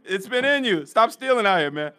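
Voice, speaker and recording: Man, podcast host, quick delivery, bright voice, playful, questioning. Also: high voice, lively intonation, clean tone. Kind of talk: casual podcast banter. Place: podcast studio.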